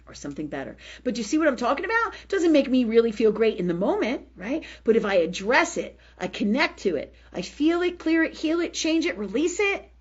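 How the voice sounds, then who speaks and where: A woman's voice: high-pitched, sing-song, fairly quick, hardly any pauses, muffled recording. A woman hosting a spiritual health show, speaking bluntly with plenty of profanity, laughing often, and slipping into repetitive healing prayers. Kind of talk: candid spiritual talk on a live show.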